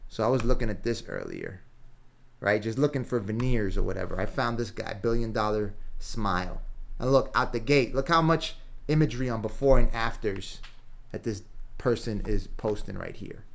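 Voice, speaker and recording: Casual man coaching through a screen-share. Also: creaky. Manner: casual, punchy, peppered with "right?" and "boom"; thinks aloud while browsing. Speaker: business coach.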